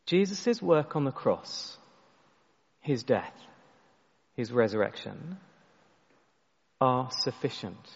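A man preaching a sermon, telling a story and often restarting his words, sometimes dropping his voice very soft for emphasis. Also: on the high side, in a large hall, lo-fi sound. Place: church.

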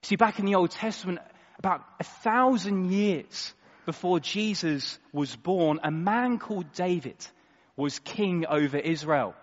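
A man preaching a sermon in a church hall, expressive and dramatic, moving between loud and quiet. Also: high-pitched, unhurried. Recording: echoey hall, slightly dull sound.

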